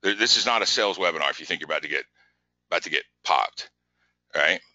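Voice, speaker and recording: A man hosting a live business webinar, talking in an energetic, repetitive, pushy coaching way. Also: low-pitched, fast talker, no echo, low-quality recording. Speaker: webinar host.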